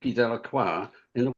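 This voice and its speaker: A man's voice: medium pitch, a bit bright, muffled recording. A man being interviewed as an author guest, telling witty anecdotes in a campy way and chuckling often. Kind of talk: casual interview chat.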